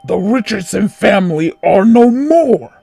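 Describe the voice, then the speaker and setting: Tormented man-beast for a horror audio tale: deep rasping growl, unhurried, heavy. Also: lively intonation, warm tone, full character voice. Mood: roaring. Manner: slow, heavy, mournful speech. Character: huge wheezing half-human male beast, tormented.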